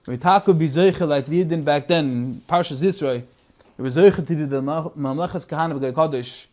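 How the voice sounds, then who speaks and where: A man giving a Torah talk as a lively story, mixing in Hebrew and Yiddish words. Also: a little high, a little fast. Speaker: Torah speaker.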